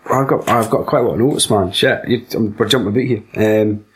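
A man's voice: fairly low pitch, fast. A man with a Scottish accent, chatting casually and swearing while reviewing a film with a friend. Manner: sweary, laughing, does silly quoted voices. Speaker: podcast co-host.

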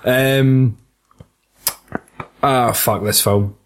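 A man's voice: medium pitch, fairly even intonation, drawn-out words. A man with a Scottish accent, co-hosting a casual film podcast, swearing and laughing through jokey banter. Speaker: podcast co-host.

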